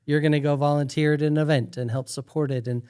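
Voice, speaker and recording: A man's voice: on the high side, fairly even intonation, quick pace, mellow, clean tone, dry recording, studio quality. A man hosting a casual podcast conversation, speaking in an earnest, encouraging way. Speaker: podcast host.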